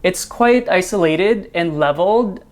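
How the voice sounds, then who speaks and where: A man hosting a casual dance reaction video, chatty, laughing often and filling pauses with ums. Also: high-pitched.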